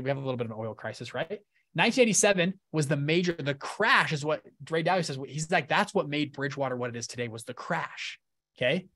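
An enthusiastic man speaks to a live seminar audience in a slightly raised voice. He is conversational and excitable, and he keeps checking in with his listeners as he goes. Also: fairly high pitch. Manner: energetic, enthusiastic, keeps checking in with "right?" and "okay?". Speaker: fund-launch presenter at a live event.

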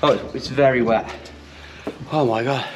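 Excitable man in a wet mine. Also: mid-range voice, normal speed, distant mic. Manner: excitable, exclaiming, chatty. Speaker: adventure vlogger. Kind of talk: casual exploring vlog. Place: inside a wet underground mine. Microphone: action camera. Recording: running water noise, cave echo. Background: running and dripping water.

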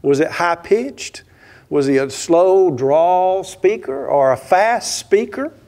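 Preaching in a church sanctuary, a pastor tells a story, firing off rhetorical questions and performing the voices of those he quotes. He has a high, darkish voice with lively intonation, and he takes it slowly.

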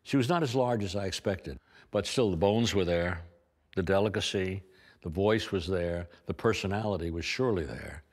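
An older man, a portrait painter, telling an animated anecdote with a raspy voice and lively asides. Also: low-pitched, moderate pace. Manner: animated, acts out voices, stammers. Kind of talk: anecdotal storytelling.

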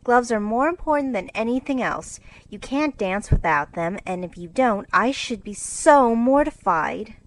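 A woman's voice: on the high side, animated, a little slow, few pauses, pitched above the performer's own voice, poor audio. A woman voicing a fussy, girlish teenage older sister in a storybook reading, in a raised, eager and fretful way.

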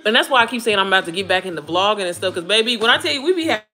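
A woman in her thirties chatting casually to her viewers, animated and talkative, calling them girl and baby. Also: mid-range voice, rapid-fire, soft background music. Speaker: vlogger talking to viewers while cooking. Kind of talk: casual chat.

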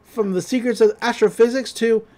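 A woman's voice: on the high side, steady tone, moderate pace, mellow, natural voice. A woman voicing a genius cartoon pet pig, speaking in a lofty, grandiose way in her own everyday voice. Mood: solemn.

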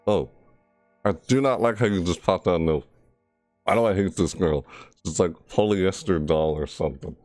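A man's voice: low voice, moderate pace, a little mellow, no echo, studio quality, soft background music. A man giving live horror game commentary through a VR headset, jumpy and frustrated, often breaking into panicked yelps and shrieks. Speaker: gameplay commentator.

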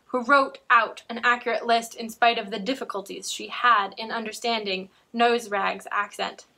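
A woman's voice: medium pitch, pushed and bright. A woman reading a novel aloud and reviewing it in an earnest, enthusiastic way, with small restarts. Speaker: book reviewer.

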